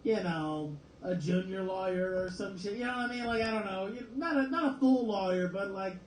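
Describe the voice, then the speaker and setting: A man's voice: high voice, brisk. A man hosting a podcast, rambling casually, reading viewer messages and plugging guests. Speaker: podcast host. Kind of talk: casual podcast chat, reading super chats. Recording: echoey room, far from mic, faint hum.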